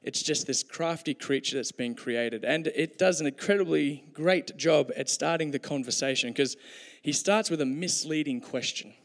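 A man delivers a sermon in a relaxed, conversational way, dropping in jokes for his listeners. His voice has a gravelly edge. It rings with the long reverb of a church hall. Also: on the high side, normal speed. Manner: conversational, joking asides. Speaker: preacher.

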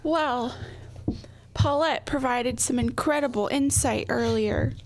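A woman with a high voice plays her character at a tabletop game. She needles and mocks the others around the table. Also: takes it slowly. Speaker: player. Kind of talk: in-character tabletop role-play.

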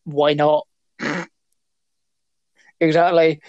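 A young British woman with a low, slightly mellow voice and little pitch movement draws out her words, recorded muffled with no room sound. She hosts a podcast, rambling through a casual chat and joking, with many fillers and restarts.

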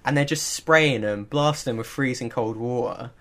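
A man co-hosting a relaxed podcast, recounting a story in an animated way. He leans on fillers like "like" and "um" and breaks into short laughs. His voice sits in a middle pitch. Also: normal speed. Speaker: podcast co-host. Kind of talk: casual chat.

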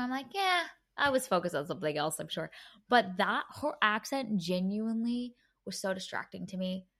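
A woman co-hosting a film podcast in a casual, animated voice. She often acts out her own reactions and restarts her sentences as she goes. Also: mid-range voice. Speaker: podcast co-host. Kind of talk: casual film review chat.

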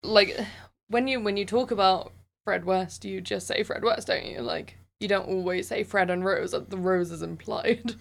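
A woman from southwest England co-hosting a casual podcast, wry and quick to laugh. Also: medium pitch, fairly even intonation, creaky. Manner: laughing, wry, matter-of-fact. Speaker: podcast co-host.

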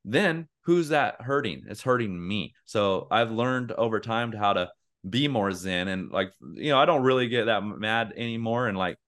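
A man's voice: on the low side, normal speed, fairly bright tone. A young man co-hosting a podcast in casual chat, earnest and rambling with lots of fillers. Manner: acts out angry quotes in a raised voice. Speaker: podcast co-host.

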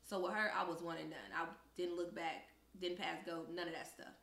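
Her voice is fairly low, bright, and edged with gravelly fry, and she talks a little fast as a young co-host of a casual storytelling podcast. The room echoes, and she animatedly acts out the voices she quotes.

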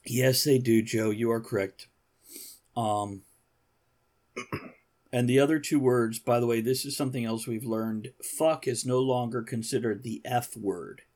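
A man's voice: medium pitch, steady tone, unhurried, a little mellow. A man co-hosting a casual chat show, joking and laughing often. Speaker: co-host.

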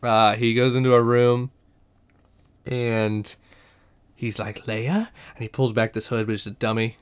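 Smooth-voiced man recapping a show with profanity. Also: mid-range voice, unhurried. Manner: profane, animated retelling with impressions. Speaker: podcast co-host. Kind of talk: casual chat recapping a TV episode.

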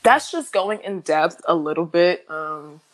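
Young woman sharing her story, halting. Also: lowish voice, rough recording. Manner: halting, many fillers and restarts, animated when quoting others. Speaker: guest. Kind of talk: candid personal interview.

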